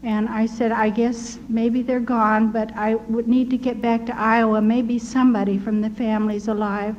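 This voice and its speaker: A woman's voice: fairly high pitch, little pitch movement, normal speed, a little mellow. Older american woman telling her story, tender and earnest, kinda dull old recording. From United States. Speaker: storyteller recounting wartime experiences. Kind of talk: personal testimony. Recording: slightly dull recording with faint hiss.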